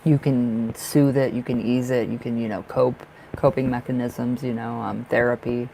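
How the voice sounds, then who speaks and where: A man doing a live tarot reading for viewers, his voice rough with a gravelly edge. He rambles and circles back on himself, leans on fillers, and speaks bluntly, swearing freely. A faint hiss sits under the voice. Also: medium pitch, little pitch movement, moderate pace, warm tone, rough recording. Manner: rambling, emphatic, heavy on fillers. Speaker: tarot reader.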